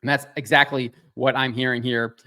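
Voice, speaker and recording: Male commentary host, mid-pitched, casual and critical, dismissive delivery with fillers. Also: little pitch movement, moderate pace, bright, forceful tone.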